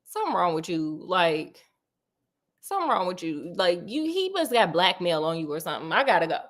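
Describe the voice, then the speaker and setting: A woman's voice: lowish voice, big pitch swings, brisk, pitched below the performer's own voice. A woman voicing a blunt, exasperated male lawyer who gives slangy, plain-spoken warnings to a friend.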